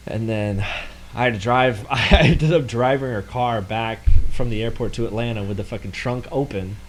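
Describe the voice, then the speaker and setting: A man's voice: mid-range voice, moderate pace, slight background noise, poor audio. Laughing man recounting a travel mishap. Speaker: podcast co-host. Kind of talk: casual chat.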